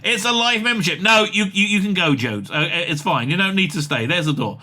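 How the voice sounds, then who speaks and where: Commenting on an interview in a loose, comic way, this man rambles excitedly, laughing and using lots of fillers. He speaks briskly in a high-pitched voice.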